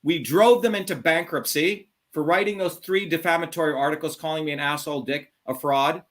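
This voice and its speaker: A middle-aged man hosts a call-in show, his voice on the high side, fairly quick and fairly bright. He delivers a heated monologue bluntly and combatively, swearing and leaning hard on his emphasis.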